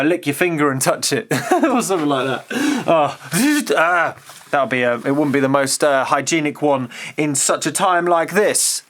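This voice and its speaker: A man's voice: on the high side, a bit bright. A man hosting a video, reading an old electronics magazine aloud and chatting about the circuits with enthusiastic asides. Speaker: host.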